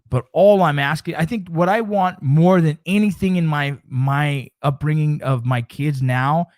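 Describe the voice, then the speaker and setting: A man's voice: a little high, no room sound. Emphatic man talking in a dry room. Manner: emphatic, repetitive, swears casually. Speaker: show host. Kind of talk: casual livestream chat.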